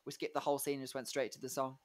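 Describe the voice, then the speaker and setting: A man's voice: mid-range voice, little pitch movement, racing. A young man, a musical theatre performer chatting casually in an interview, rambling and giggly with lots of fillers.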